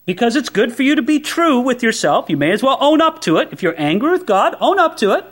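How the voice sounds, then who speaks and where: Lively high-voiced male preacher. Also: fast talker. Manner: animated, conversational preaching with rhetorical questions. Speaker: pastor. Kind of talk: sermon.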